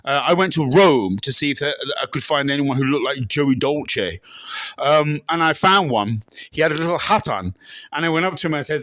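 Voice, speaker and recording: Casting: man, high lively bright voice, deadpan comic interviewee prone to shrieking impressions. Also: moderate pace, no echo, poor audio. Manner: bursts into loud shrieking impressions. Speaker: interviewee in a comedy sketch.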